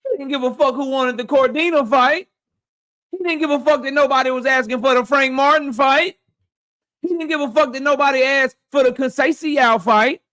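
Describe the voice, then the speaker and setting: High-voiced man in a heated boxing rant. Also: normal speed, pushed and bright. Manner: heated, profane, mocking rant to chat. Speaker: boxing talk show host. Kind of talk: live-stream boxing rant.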